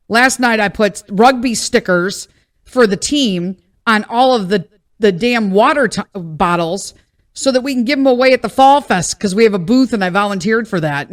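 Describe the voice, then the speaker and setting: A woman, hosting a podcast and venting bluntly in a casual, exasperated monologue, swearing freely. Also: medium pitch. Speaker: podcast host.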